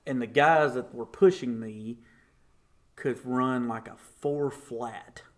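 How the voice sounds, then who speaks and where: A young man, a podcast guest telling a story casually and acting out the voices in it. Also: takes it slowly. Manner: animated, acts out quotes with big pitch jumps.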